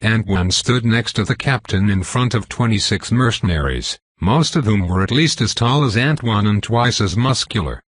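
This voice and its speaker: A man's voice: lowish voice, lively intonation, normal speed, few pauses, husky, no room sound. A man narrating a first-person novel as an audiobook, reading steadily and evenly.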